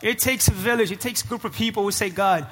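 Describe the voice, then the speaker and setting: A man preaching as pastor, moving between shouted, rising climaxes and quieter prayer passages. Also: high voice, fairly even intonation, quick pace. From Cape Verde. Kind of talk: sermon. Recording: live church hall with music and congregation.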